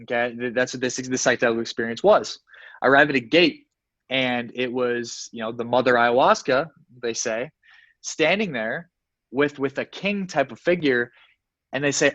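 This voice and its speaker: A man's voice: mid-range voice, normal speed, fairly bright tone, no echo, highs cut off. Earnest man telling a personal story. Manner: earnest, many fillers and restarts, acts out quoted dialogue. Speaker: guest, success coach. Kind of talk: interview storytelling.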